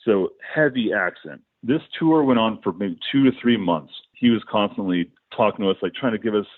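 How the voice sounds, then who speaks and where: Deep-voiced man telling rambling tour stories. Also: brisk, dry recording. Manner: rambling, animated anecdotes with many restarts. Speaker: musician, guest. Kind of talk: casual storytelling in a podcast interview. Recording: dry, phone-like.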